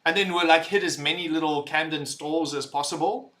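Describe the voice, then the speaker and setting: A young man hosting a casual livestream, reading chat messages aloud, loud and rambling, laughing and swearing as he talks. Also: a little high, brisk. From visitor to the UK.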